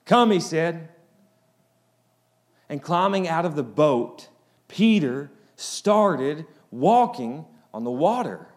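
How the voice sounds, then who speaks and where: A man preaching a sermon as pastor, swinging between loud, rising appeals and quiet, low asides. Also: sing-song, takes it slowly.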